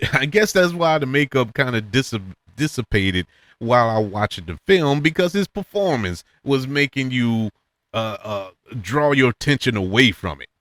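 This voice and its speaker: A man hosting a casual spoken movie review, animated and chuckling often, his voice jumping up high to make a point. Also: measured pace, dry recording. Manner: animated, laughs often, pitch jumps up high for emphasis. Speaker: podcast host reviewing films.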